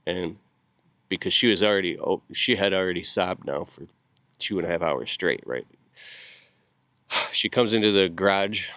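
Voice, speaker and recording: A man hosting his video channel, talking casually to the camera. He is grieving and short on sleep, and he speaks in a halting way, with long pauses and repeated words. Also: low voice, bright, forceful tone, dry recording. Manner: grieving and heartfelt. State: sleep-deprived.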